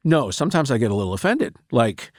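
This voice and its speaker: A middle-aged man, talking as a writer guest in a relaxed, wry interview, laughing often as he tells stories. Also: mid-range voice, fast talker, no echo, studio quality. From Boston. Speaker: novelist and screenwriter guest.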